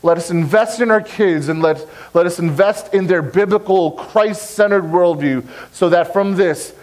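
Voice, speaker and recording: A man's voice: high-pitched, normal speed, a little mellow, low-quality recording. A young adult man, a pastor, preaching a sermon in a church in an earnest, direct way, repeating key phrases to press the point. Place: church sanctuary.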